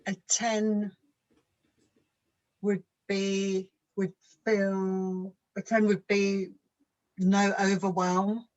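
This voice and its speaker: A woman talking slowly and thoughtfully as a coaching client, pausing often while she searches for words. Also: medium pitch, level tone, a little mellow, dull audio. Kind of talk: reflective coaching conversation. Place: home.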